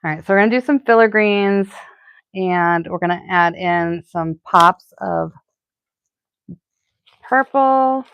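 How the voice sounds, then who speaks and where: A woman's voice: fairly low pitch, slow, long pauses, lo-fi sound, a little hiss or hum. A middle-aged woman with a Boston accent, chatting casually and rambling with lots of fillers while she hosts a live crafting stream. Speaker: florist hosting a live stream.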